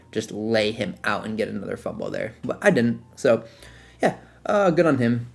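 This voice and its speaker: Gravelly young man breaking down gameplay. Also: on the low side. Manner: relaxed, rambling, filler-heavy breakdown of plays. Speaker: gaming content creator. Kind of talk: casual gameplay commentary.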